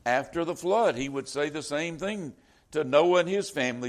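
A man's voice: a little high, moderate pace. An older man preaching a sermon in an earnest, emphatic way, quoting scripture.

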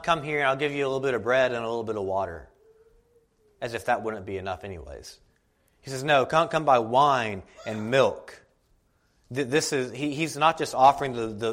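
A man preaching a sermon, earnest and halting, often restarting his words, and reading scripture aloud slowly and deliberately. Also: mid-range voice, fairly bright tone. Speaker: pastor.

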